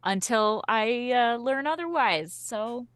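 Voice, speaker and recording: A woman's voice: a little high, animated, takes it slowly, fairly bright tone, clear, resonant tone, no echo. A woman playing a character in a tabletop game, joking and self-mocking. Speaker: player. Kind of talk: tabletop game role-play.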